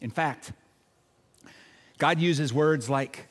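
Pastor, male; preaches with repetition, big swings to a hush; slightly high voice, long hall echo. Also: measured pace. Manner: dramatic swings from loud emphasis to hushed low delivery; repeats phrases for emphasis, addresses congregation directly. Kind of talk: sermon. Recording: echoey hall reverb.

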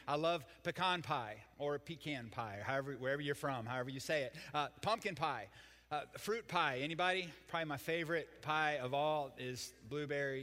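Folksy pastor, bright ringing voice. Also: male voice, fairly high pitch, big-room sound. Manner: folksy, joking, chatty with the congregation. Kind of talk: sermon with jokes.

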